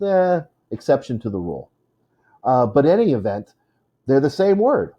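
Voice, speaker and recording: A man's voice: mid-range voice, sing-song, normal speed, dark tone. A man teaching a casual lesson on poetry, chatty, with many fillers, stopping to correct himself. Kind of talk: informal classroom lesson.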